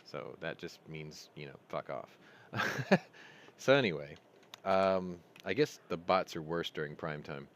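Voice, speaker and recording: A man's voice: very deep voice, expressive, a little slow, a little hiss or hum. A man hosting a casual stream, rambling through stories and laughing at his own jokes. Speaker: host. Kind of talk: casual live-stream chat.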